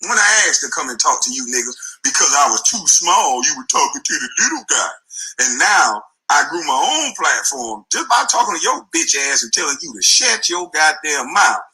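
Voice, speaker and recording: A man's voice: on the high side, very animated, normal speed, bright, forceful tone, breathy edge, poor audio. A middle-aged man, a former basketball player, delivering an angry, taunting rant full of insults in a played clip.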